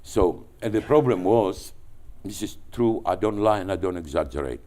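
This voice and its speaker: A man from Greece with a Greek accent, telling business anecdotes as a guest, animated and full of restarts. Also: sits low, normal speed. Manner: animated, with frequent restarts and repetitions. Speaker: entrepreneur guest. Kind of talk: anecdotal storytelling.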